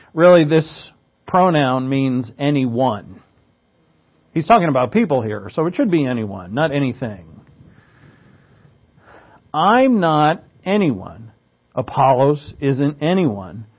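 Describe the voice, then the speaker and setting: A man's voice: on the high side, dull audio. A man preaching a sermon as a pastor, explaining Greek words, asking rhetorical questions and rising in emphasis on key points.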